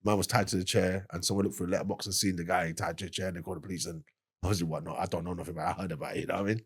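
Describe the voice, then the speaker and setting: A man's voice: low-pitched, little pitch movement, very fast, husky. A man with a London accent telling a wild story from his past as a podcast guest, in loose street slang and laughing as he goes. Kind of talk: casual storytelling.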